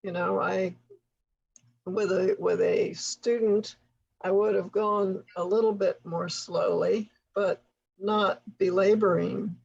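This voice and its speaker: A woman leading a tutor training workshop, explaining things patiently with occasional soft laughs. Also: mid-range voice, gravelly, husky, muffled recording. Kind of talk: workshop instruction.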